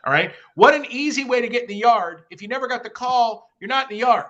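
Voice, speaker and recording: A middle-aged man, a real estate guest expert, coaching in an energetic conversational way and acting out phone calls as he tells stories. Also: very high-pitched, fast talker, highs cut off.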